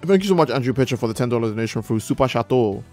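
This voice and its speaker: A man's voice: racing, faint music behind. Laid-back swearing young guy streamer. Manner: laid-back and profane, jumps high when excited. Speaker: game streamer reading donations. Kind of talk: casual live-stream chat.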